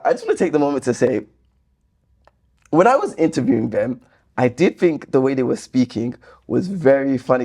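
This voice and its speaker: A man's voice: medium pitch, dark tone. Guy doing a casual comment reaction video on his laptop mic, average voice, chatty and reasoned. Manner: chatty, reasoned, grows indignant when rebutting. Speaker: YouTube host reading viewer comments. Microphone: laptop camera mic.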